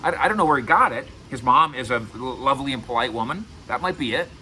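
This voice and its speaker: A man's voice: medium pitch, expressive, quick pace, bright, forceful tone, slight background noise, rough recording. A middle-aged man giving casual sports commentary to camera as host, emphatic and repeating words for stress. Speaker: sports radio and video host.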